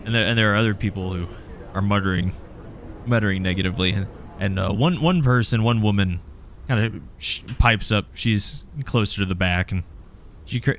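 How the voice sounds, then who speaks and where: Guy running a tabletop game, lowish voice, lots of stops and restarts. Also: a bit bright, faint music behind. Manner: halting, restarts often. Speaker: game master. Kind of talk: narrating a tabletop role-playing game.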